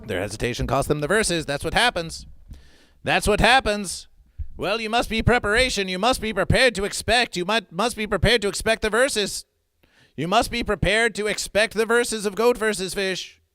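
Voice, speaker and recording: A man doing absurdist livestream comedy, auctioning merchandise in a theatrical, repetitive patter that swings into mock-mournful lows. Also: normal speed, sharp tone, clear, resonant tone, no echo.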